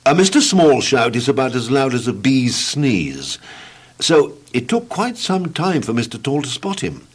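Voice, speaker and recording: A man narrating a children's storybook tape, playful and expressive, slowing down for effect. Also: medium pitch, breathy edge.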